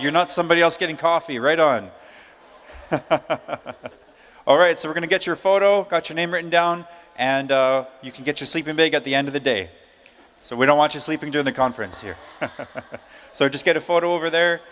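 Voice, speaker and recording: Upbeat high-voiced man emceeing in a hall. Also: animated, normal speed, pauses often, a bit bright. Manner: upbeat, joking, loose and chatty. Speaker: emcee drawing prize winners. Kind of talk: live announcing at a conference. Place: large conference hall. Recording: long hall reverb.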